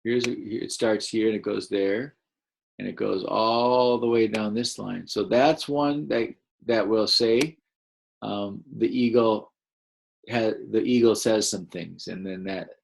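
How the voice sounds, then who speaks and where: A man teaching a first-grade class, reading a picture book aloud and gently encouraging the children to read along. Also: fairly low pitch, unhurried, gravelly. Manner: gentle, encouraging, explains as he goes.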